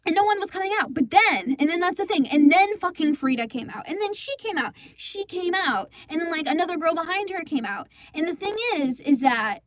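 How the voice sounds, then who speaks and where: A woman's voice: extremely high pitch, expressive, brisk, hardly any pauses, no echo. A woman voicing an indignant teenage girl who rambles through a story, exasperated and swearing freely, for a fan comic dub. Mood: rambling. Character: indignant teenage girl recounting a school play disaster.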